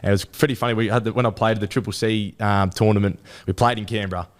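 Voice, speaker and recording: Fast-talking young Australian man. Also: lowish voice, fairly even intonation. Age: 20s. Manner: rambling storytelling with many restarts and fillers. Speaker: rugby league player guest. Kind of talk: casual interview chat.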